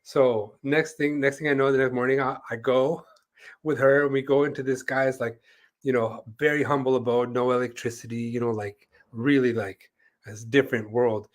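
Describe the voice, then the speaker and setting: A man with a voice of ordinary pitch tells a long story as co-host of an interview show. He talks in a loose, rambling way, full of fillers, and acts out the voices of the people he quotes. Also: fairly even intonation, moderate pace. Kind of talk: casual storytelling in conversation.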